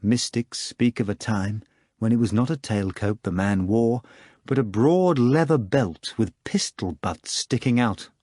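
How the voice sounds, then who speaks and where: A man narrating an audiobook in a dramatic, theatrical style that swings between hushed low passages and loud outbursts. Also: measured pace, dry recording, clean studio sound. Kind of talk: scripted narration.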